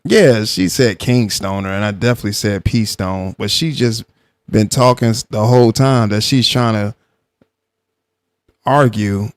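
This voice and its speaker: A man hosting a live reaction stream, arguing with a guest and then calmly explaining his side to the chat. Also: on the low side, measured pace, dry recording. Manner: argumentative, calm when explaining to chat.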